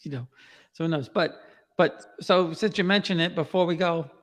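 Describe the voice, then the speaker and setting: A man's voice: on the high side, normal speed, a bit bright, big-room sound. A man with a New York accent, a guest chatting casually in an interview. He talks in a loose, repeating way and laughs often. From Queens, New York. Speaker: guest, genealogy author and podcaster.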